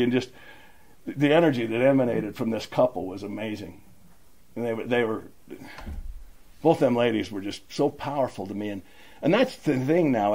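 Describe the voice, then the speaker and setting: A man's voice: medium pitch, a little mellow. An older man sharing his personal recovery story at a meeting, plainspoken and emotional. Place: meeting room.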